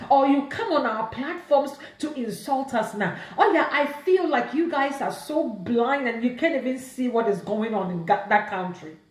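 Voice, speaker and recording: Impassioned Ghanaian woman, high lively voice. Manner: emotional, pleading, many rhetorical questions, mixes in Twi. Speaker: livestream host. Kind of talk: impassioned live-stream rant. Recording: echoey room.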